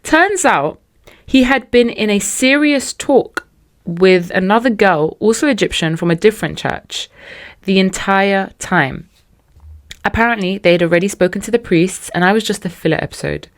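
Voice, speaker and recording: A young woman hosting a podcast, reading out a listener's story and reacting with loud outrage. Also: mid-range voice, animated, normal speed. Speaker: podcast host.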